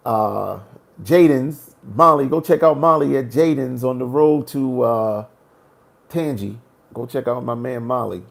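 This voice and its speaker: Brief: man, gravel in the voice, slangy and animated, recounting a trip for his vlog. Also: medium pitch, slow pace, long pauses. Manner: animated, slangy, acts out his own reactions. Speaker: travel vlogger. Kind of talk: casual storytelling.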